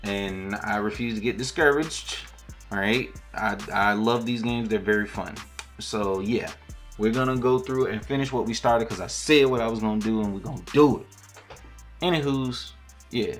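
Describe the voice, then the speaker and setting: A man's voice: on the low side, steady tone, fairly quick, soft background music. A man hosting a gaming podcast, talking in a laid-back, rambling, slangy way as he signs off. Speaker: podcast host. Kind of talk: casual podcast sign-off.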